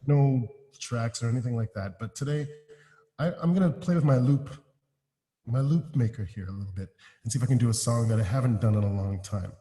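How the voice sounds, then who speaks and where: A man chatting casually as a guest musician on a video call, relaxed and friendly, talking from his home. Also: medium pitch, fairly quick. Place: room in his home in Montreal. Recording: reverberant room over a video call.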